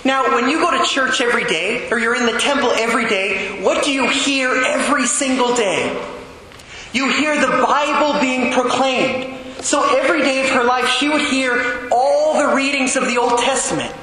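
A man's voice: very high voice, moderate pace, sharp tone, slight background noise. A man giving a homily to schoolchildren, asking them questions as he teaches. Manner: asks the listeners questions as he teaches. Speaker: preacher teaching students. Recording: roomy echo, long reverb.

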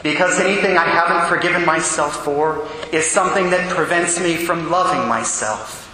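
A man, a Catholic priest, preaching a sermon in an earnest, deliberate way, slowing down on key phrases. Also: a little high, pushed and bright. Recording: echoey church hall, faint noise.

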